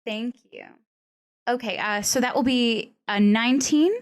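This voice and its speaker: A woman's voice: on the high side, measured pace. A woman taking part as a player in a tabletop role-play game, chatting casually at the table.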